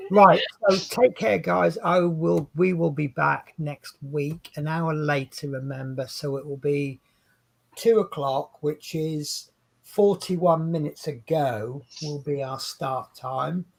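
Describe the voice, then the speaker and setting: A man's voice: fairly high pitch, takes it slowly, gravelly. A man, co-hosting a craft livestream in rambling, chatty talk and laughing at his own stories. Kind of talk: casual chat. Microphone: video call stream.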